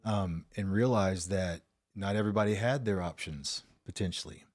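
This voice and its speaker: A man hosts a conversational podcast in a slightly low voice. He talks in a relaxed, unhurried way and laughs easily with his guests. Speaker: podcast host. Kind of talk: casual conversation.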